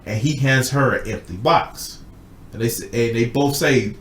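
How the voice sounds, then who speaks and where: A man's voice: mid-range voice, normal speed, reverberant. A man hosting a casual podcast chat, retelling a film plot with lots of swearing and acted-out quotes. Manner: animated, swearing, acts out quotes. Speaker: podcast host.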